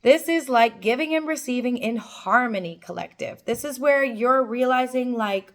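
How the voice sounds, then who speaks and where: A young woman with a slightly high voice gives a spiritual tarot reading to her viewers. She sounds upbeat and affirming, peppering her talk with "like" and "boom" as she lays out card meanings. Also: lively intonation, normal speed, few pauses. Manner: affirming, enthusiastic, with frequent "like" and "boom". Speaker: tarot reader.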